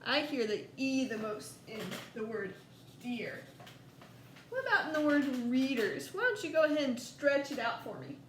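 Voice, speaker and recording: A woman with a Southern US accent teaching a first grade lesson, slow and coaxing, stretching words out for young children. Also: high voice, lively intonation. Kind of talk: recorded distance-learning lesson for young children. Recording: echoey room, faint background noise.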